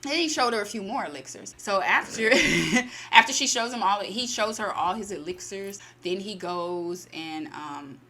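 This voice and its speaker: A woman's voice: mid-range voice, normal speed, pushed and bright. A woman casually retelling a short story in her own words, chatty and full of fillers, acting out the lines of the characters. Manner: chatty, many fillers and quoted asides. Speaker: story channel host.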